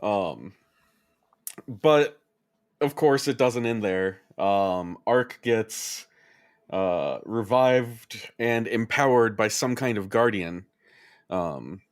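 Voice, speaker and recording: A man's voice: lowish voice, extremely slow, no echo, studio quality. A man on a podcast panel, casually recapping a game's story with frequent ums and uhs. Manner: relaxed, many ums and uhs, chuckles often. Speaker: podcast panelist summarizing a game plot.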